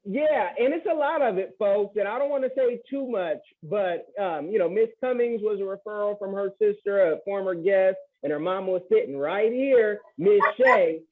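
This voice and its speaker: A man's voice: high-pitched, moderate pace, few pauses. Upbeat male podcast host on a tinny line. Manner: joking, animated, folksy asides to listeners. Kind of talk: casual interview chat.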